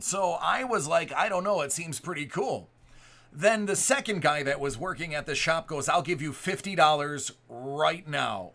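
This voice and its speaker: The voice belongs to a card break host in his 40s from the Buffalo area, fairly high-pitched, pushed, and bright. He chats casually through a story, restarting as he rambles and acting out quotes.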